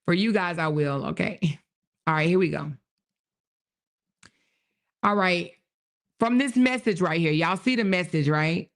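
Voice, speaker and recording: Woman on a livestream, gravelly voice, reading out comments and going "wow". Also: fairly low pitch, a little slow, long pauses. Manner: reacts with exclamations, reads comments and messages aloud. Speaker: livestream host. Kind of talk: casual livestream commentary, reading chat aloud.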